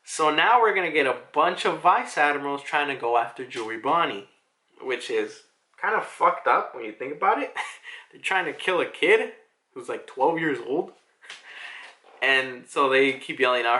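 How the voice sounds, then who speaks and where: Guy recapping a manga chapter, bright voice, loose and rambly, lots of swearing. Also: mid-range voice, expressive, moderate pace. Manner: rambling, filler-heavy, profane.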